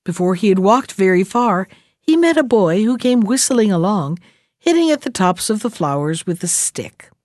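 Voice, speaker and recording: A librarian reading a folktale aloud in a lively, expressive storytelling style. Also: female voice, mid-range voice, normal speed, no echo, studio quality. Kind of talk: storybook read-aloud narration.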